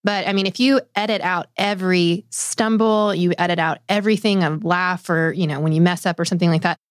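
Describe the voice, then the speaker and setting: A woman's voice: on the low side, steady tone, a little fast, dry recording, clean studio sound. A woman co-hosting a podcast, explaining in a conversational way. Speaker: podcast co-host. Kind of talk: casual podcast chat.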